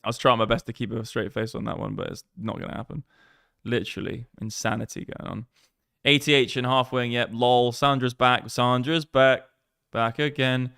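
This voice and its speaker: Sweary man, smooth dry voice. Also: mid-range voice, steady tone, moderate pace, a bit bright, no echo. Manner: brash, sweary banter with a running joke. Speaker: crypto trading livestream host. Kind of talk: casual livestream chat, reading viewer comments.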